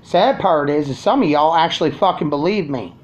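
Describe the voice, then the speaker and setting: A man's voice: a little high, brisk, poor audio. A man ranting crudely and sarcastically to his viewers from his home. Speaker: vlogger. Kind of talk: profane ranting monologue.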